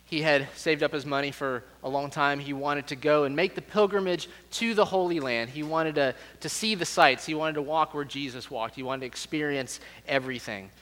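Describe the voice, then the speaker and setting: A man's voice: on the high side, normal speed, hardly any pauses, a bit bright. A man preaching a sermon to a church, telling stories in a conversational way and often repeating words as he goes. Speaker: pastor. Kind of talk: sermon with storytelling. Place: church sanctuary. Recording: reverberant hall.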